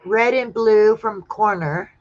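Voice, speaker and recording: A woman hosts a casual livestream at an unhurried pace. She reads viewers' answers aloud one after another in a relaxed tone. The sound is dull and lo-fi. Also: medium pitch. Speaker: livestream host. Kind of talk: casual live-stream chat reading viewer answers.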